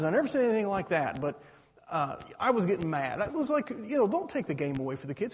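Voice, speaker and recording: A middle-aged man preaching with a high, husky voice that swings widely in pitch. He drives his argument with rhetorical questions, and his words ring out in a hall with a long echo. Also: big pitch swings, quick pace. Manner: repeats "you understand that?" with rhetorical questions. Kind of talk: sermon. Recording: reverberant hall.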